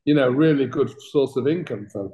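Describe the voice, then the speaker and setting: A man's voice: mid-range voice, fairly quick, dark tone, roomy sound, poor audio. An older British man, a talent manager, telling anecdotes as a guest in an interview, chatty and laughing through his stories. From Britain.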